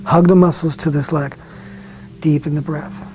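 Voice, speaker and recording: Calm male yoga instructor, slightly high. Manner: calm, slow guiding cues with soft drops in volume. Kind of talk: guided yoga class instruction.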